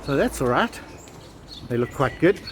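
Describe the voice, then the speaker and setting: A man's voice: fairly high pitch, sing-song, measured pace. A man telling a folk tale while walking a town street, chatty and full of asides. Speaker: travel vlogger. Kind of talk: casual walking vlog and storytelling. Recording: outdoor street with passing cars. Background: traffic.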